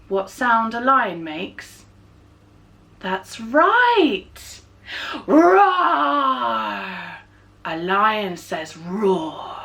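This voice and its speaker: A woman's voice: medium pitch, fairly bright tone. An English woman leading a children's storytime, reading a picture book aloud and coaxing little ones to make animal sounds. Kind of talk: reading a touch-and-feel book to young children.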